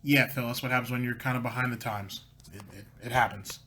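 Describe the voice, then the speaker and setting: A man's voice: mid-range voice, steady tone, fast talker, pushed and bright, slight background noise. A man hosting a reaction commentary, sarcastic and needling, rambling as he mocks. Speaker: commentary host.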